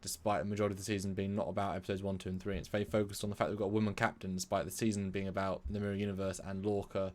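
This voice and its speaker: British male co-host, eager and rambling, lowish voice, casual live-stream chat. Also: little pitch movement, racing, hardly any pauses, darkish tone. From Britain. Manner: enthusiastic, rambling with restarts.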